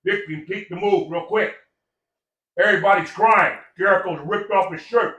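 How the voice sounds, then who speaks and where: A man's voice: sits high, steady tone, moderate pace, bright, forceful tone, lo-fi sound. A man telling a story in casual talk, profane, emphatic and rambling. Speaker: podcast guest. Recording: echoey room, distant mic.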